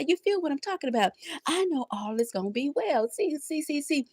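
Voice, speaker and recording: Lively preachy woman in her fifties. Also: high-pitched, brisk, no room sound. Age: 50s. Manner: preachy, emphatic call-and-response repetition; emotional, laughing through near tears. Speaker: tarot reader and live-stream host. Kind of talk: spiritual pep talk on a live stream.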